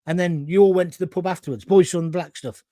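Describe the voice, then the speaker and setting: A man's voice: high-pitched, steady tone, fast, warm tone, no room sound. A man hosting a live talk show, reading out viewer comments and rambling through anecdotes on a close mic. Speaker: host.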